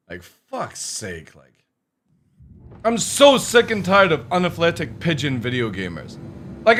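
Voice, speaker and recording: A man's voice: sits high, fairly bright tone, a little hiss or hum. A young man streaming, ranting about video games in a profane, exasperated way. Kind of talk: ranting gaming stream talk.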